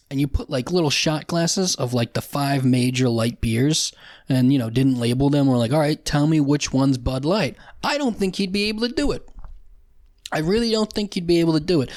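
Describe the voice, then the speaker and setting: Recorded at studio quality with no room sound, a young solo comedy podcast host speaks at medium pitch. His rant is sarcastic and profane, and he frequently starts sentences over.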